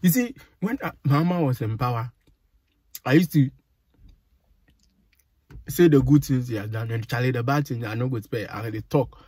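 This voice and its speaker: Husky-voiced Ghanaian man ranting. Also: mid-range voice, a little mellow, dry recording. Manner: exasperated, indignant, mixes Pidgin and Twi. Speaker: vlogger. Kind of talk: ranting commentary.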